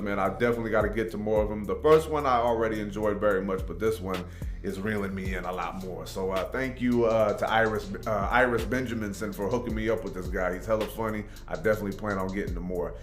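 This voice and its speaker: A man's voice: fairly low pitch, fairly quick, echoey room, faint music behind. A man hosting a reaction video, chatting casually and rambling, with "man" and "you know" in every other sentence. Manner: laid-back, rambling, says "man" and "you know" often.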